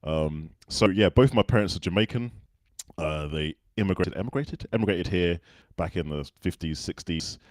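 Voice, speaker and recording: A man with a very low voice and a polished, non-regional Southern English accent talks as a podcast guest. He tells stories in an easy, unhurried way and acts out the other people's lines. The sound is dry and close. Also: no room sound. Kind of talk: casual interview chat.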